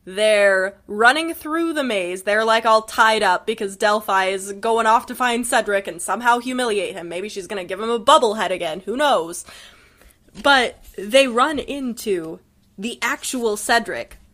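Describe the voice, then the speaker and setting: A woman's voice: mid-range voice, a little slow, a bit bright. A woman co-hosting a casual book podcast, wry and critical, laughing often as she retells scenes. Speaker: podcast co-host.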